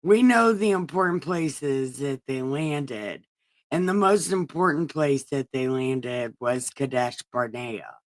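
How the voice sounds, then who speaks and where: A woman with a rumbling low voice hosts a casual livestream Bible reading at a slow pace. She is crude, swearing and laughing in asides as she chats with her viewers.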